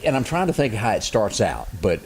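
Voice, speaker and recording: A man's voice: fairly low pitch, fairly quick, a little hiss or hum. A man hosting a casual talk show, folksy and chuckling as he chats. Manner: folksy and chuckling, lively delivery. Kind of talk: casual studio chat.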